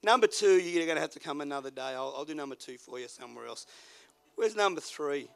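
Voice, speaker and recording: An older man, a pastor, telling a personal story in a folksy sermon, moving between quiet and loud. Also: fairly high pitch, lively intonation, fast, creaky.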